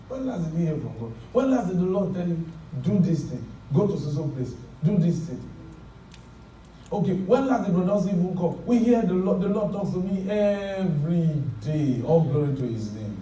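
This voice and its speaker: A man preaching a sermon, telling stories with laughing asides and leading the crowd in prayer. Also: high voice. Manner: anecdotal, laughing asides, shouts prayer lines for the crowd to repeat. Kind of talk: sermon with call-and-response prayer. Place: large church hall with congregation. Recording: echoey hall, distant, loud crowd.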